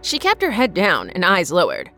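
Woman narrator, lowish pitch, steady scripted horror storytelling. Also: moderate pace, faint music behind.

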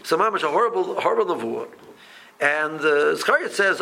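A man teaching a Talmud class, speaking in a halting way with many restarts and repeated words. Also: high voice, animated, vocal fry, bright, forceful tone, slight background noise, rough recording. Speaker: Torah teacher.

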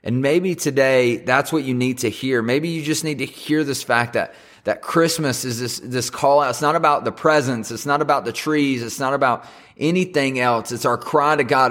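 A young man hosting a podcast, giving an earnest Christmas devotional and ending in prayer, speaking haltingly with many restarts. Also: medium pitch, fairly bright tone. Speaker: podcast host.

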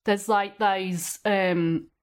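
A woman's voice: medium pitch, fairly even intonation, extremely slow, clear, resonant tone. A woman appearing as a podcast guest, chatting casually in an enthusiastic, rambling, giggly way. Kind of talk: casual chat.

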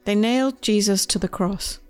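A woman, the author, reading her children's storybook aloud in a gentle, expressive way, with faint music behind. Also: medium pitch, normal speed.

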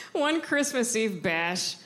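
A young woman from the United States doing stand-up comedy, bubbly and apologetic. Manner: bubbly, apologetic, jumpy pitch. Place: comedy club stage. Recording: stage mic, loud crowd and noise.

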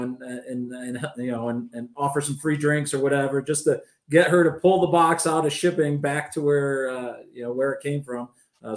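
A man's voice: medium pitch, reverberant. A man guesting on a fan podcast, telling stories in an easygoing way with many fillers. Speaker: guest, fan club organizer. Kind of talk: casual chat.

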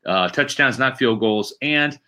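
A man's voice: medium pitch, measured pace, pushed and bright. A man hosting a sports podcast, talking emphatically and often checking for agreement with "right?", and thanking viewers for donations. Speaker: podcast host. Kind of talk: casual sports podcast chat.

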